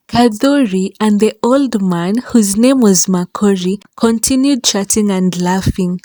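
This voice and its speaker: Slow-telling woman storyteller. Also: medium pitch, warm tone, no echo. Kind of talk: folktale narration.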